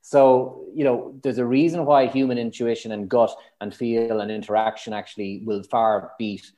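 Speaking at a normal speed in a mid-range voice, an Irishman who works as a matchmaker chats openly as a guest on a podcast. He tells lively stories and acts out what his clients said.

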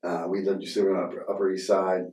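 A man's voice: low-pitched, completely flat delivery, fast talker, darkish tone. A man hosting a podcast, chatting casually and rambling with many fillers and restarts. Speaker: podcast host. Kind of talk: casual conversation. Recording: roomy sound from a distant mic.

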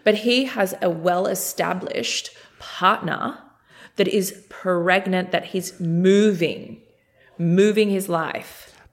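A woman hosting an interview podcast, asking quick, probing questions. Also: on the low side. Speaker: podcast host.

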